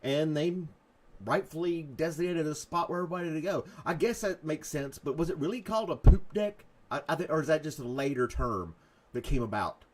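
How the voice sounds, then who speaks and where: A man's voice: a little high, a little fast, darkish tone, slight background noise. A man hosting a live morning chat show, rambling and self-mocking, with jokey asides to his dog and to viewers.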